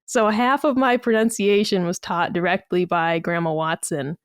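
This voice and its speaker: A woman's voice: fairly low pitch, normal speed, smooth, dry recording, studio quality. A woman with a Massachusetts accent, chatting casually on a podcast and telling stories that quote other people along the way. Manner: chatty storytelling, quotes people in lively asides. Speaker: podcast co-host.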